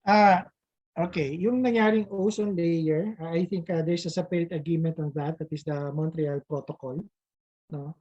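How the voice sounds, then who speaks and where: A man's voice: a little high, fairly even intonation, moderate pace, darkish tone, muffled recording. A Filipino man, an engineer and invited expert, answering questions in a webinar, hesitant with many fillers and a habitual questioning "no?". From Philippines. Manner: hesitant, frequent "uh" and tag "no?". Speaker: resource speaker, engineer. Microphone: video call.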